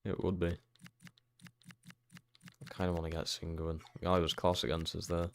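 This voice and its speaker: A young man streaming a football career game, chatting casually and swearing freely, jumping into loud excited shouts at big moments. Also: sits low, normal speed, a little hiss or hum. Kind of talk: live-streamed gameplay commentary.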